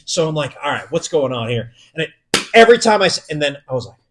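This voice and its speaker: A young man co-hosting a podcast, telling a story casually, swearing a lot and getting animated as he recounts being frightened. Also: on the high side, quick pace, a little hiss or hum. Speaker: podcast co-host.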